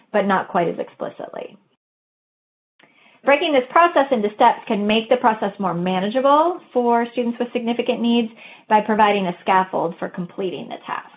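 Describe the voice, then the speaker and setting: Woman lecturing over tinny phone-like audio. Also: medium pitch. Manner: methodical, walks through steps and models teacher talk. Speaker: webinar presenter on reading instruction. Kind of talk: explanatory lecture. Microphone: webinar audio.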